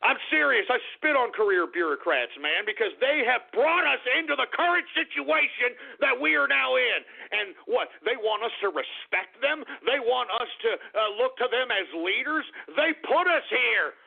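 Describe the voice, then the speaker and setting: A man's voice: very high-pitched, animated, moderate pace, creaky, hardly any pauses, slightly rough. A man hosting a radio show, ranting angrily at listeners, cursing heavily and repeating his points. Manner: angry ranting, heavy cursing; repeats phrases, addresses listeners as folks. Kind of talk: call-in radio rant. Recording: tinny phone-like radio audio.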